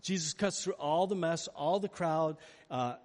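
A man with a high voice delivers a sermon in a large hall, and the long reverb trails after his words. He tells the story with animation, acting out the scenes as he goes. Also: a little slow, darkish tone. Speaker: pastor.

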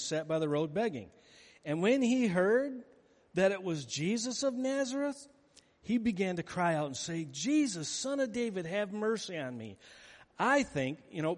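A man preaching a sermon with animated storytelling, acting out the scenes he describes. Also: high-pitched. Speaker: pastor. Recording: echoey hall with long reverb.

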